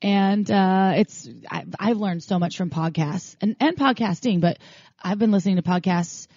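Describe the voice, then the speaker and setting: A woman's voice: medium pitch, moderate pace, darkish tone, dry recording. A woman co-hosting a sex podcast in casual, chatty and upbeat talk. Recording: dry, dull lo-fi sound.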